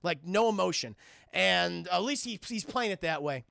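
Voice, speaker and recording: A man reviewing a cartoon on a stream, retelling scenes excitedly to his chat and cursing freely. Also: high voice, moderate pace, creaky, no room sound, clean studio sound. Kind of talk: casual streamed commentary.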